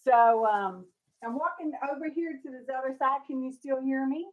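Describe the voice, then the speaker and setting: A woman's voice: high-pitched, moderate pace, darkish tone, low-quality recording. A woman hosting a crafting livestream, chatty and folksy, sounding sleepy and tired while she greets viewers by name. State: sleepy, yawning. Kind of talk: casual livestream chat. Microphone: camera mic.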